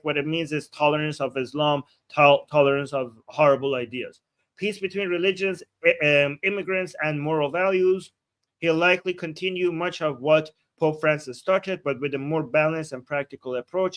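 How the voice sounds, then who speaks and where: A man's voice: a little high, fairly bright tone. A man hosting a live political stream, reading news aloud and reacting with blunt sarcasm and many restarts. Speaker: political livestream host. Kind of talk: casual commentary reading and reacting.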